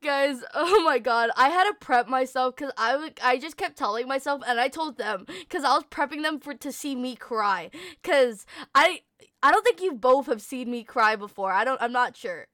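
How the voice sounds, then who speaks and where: A young woman hosting a casual podcast chat, an excitable, giggly storyteller. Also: sits high, normal speed, no echo, clean studio sound. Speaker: podcast host.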